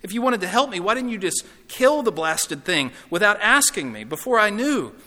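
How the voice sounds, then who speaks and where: A man's voice: high voice, big pitch swings, moderate pace, sharp tone, voice pushed up, heavily acted. A man voicing a cowardly male ghost who whimpers, stammers and begs. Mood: pleading, panicked. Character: frightened whining male ghost, cowardly and pleading. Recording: reverberant hall.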